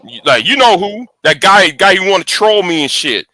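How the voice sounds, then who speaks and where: A man's voice: sits high, sing-song, moderate pace, sharp tone. A man hosting his channel in a casual, profane, angry rant, stumbling and repeating words. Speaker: channel host.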